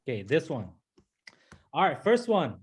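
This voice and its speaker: A man's voice: a little high, wildly swooping pitch, a little slow, slight background noise. A man teaching a pronunciation lesson to a class. He patiently repeats sounds and keeps checking in with "okay?" and "right?". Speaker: language teacher.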